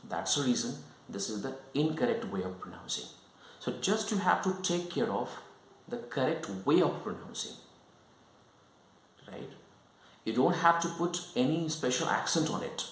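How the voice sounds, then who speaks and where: A man teaches an online English lesson at a mid pitch, explaining patiently and checking in with his viewers as he goes. His voice carries a roomy echo, and he talks in a plain, instructive way. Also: very animated, normal speed. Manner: explanatory, keeps checking in with "right?" and "okay?".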